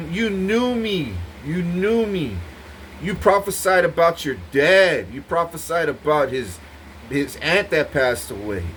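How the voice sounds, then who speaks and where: A man's voice: sits high, fairly bright tone, slight background noise. A man giving an intense, profane, rambling monologue to the camera, repeating himself as he goes. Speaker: vlogger speaking to camera.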